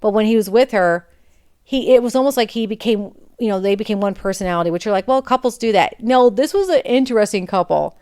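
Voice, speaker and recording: A woman's voice: mid-range voice, quick pace, a little mellow, clean tone. A woman podcast host telling a personal story in a candid, chatty way that wanders off topic.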